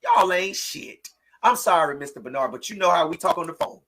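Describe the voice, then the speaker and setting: A woman hosting a livestream, talking in a fiery preaching way, repeating phrases and shouting in outrage. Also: low voice, expressive, a little fast. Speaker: livestream host. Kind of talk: impassioned livestream talk.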